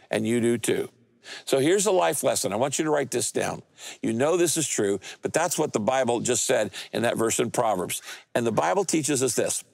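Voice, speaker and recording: A male pastor preaching a sermon. He speaks emphatically, often quizzing the congregation, and shifts his pitch and pace for effect. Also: creaky, no room sound. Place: church stage speaking to several campuses.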